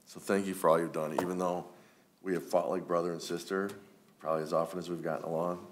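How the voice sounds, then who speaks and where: Deep-voiced man giving meeting remarks. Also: level tone, fast talker, noisy background. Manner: warm, rambling, many ums. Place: township board meeting room.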